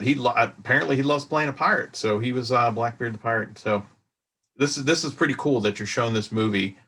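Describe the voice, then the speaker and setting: A man's voice: medium pitch, sharp tone, slightly rough. A man interviewing a guest in a casual, easygoing chat.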